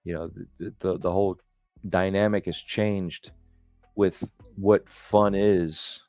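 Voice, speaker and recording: A man's voice: sits low, steady tone, takes it slowly, a little mellow, dry recording, soft background music. A man hosting a casual podcast chat, telling stories in a rambling, enthusiastic way. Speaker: host.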